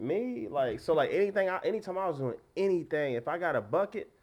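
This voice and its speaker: A young American man in his twenties, a guest telling stories in casual chat, animated and laughing often, swinging between loud and soft. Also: fairly high pitch, fast. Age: 20s. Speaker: podcast guest, DJ.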